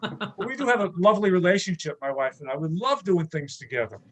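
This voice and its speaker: Male stand-up comic from New York, high voice, deadpan delivery. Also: fast talker. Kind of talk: stand-up comedy set.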